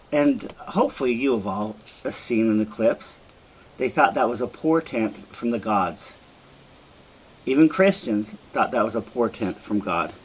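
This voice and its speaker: A man's voice: mid-range voice, breathy edge, rough recording. An older man teaching a literature lesson, explaining scenes earnestly. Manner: earnest explaining, quotes with feeling.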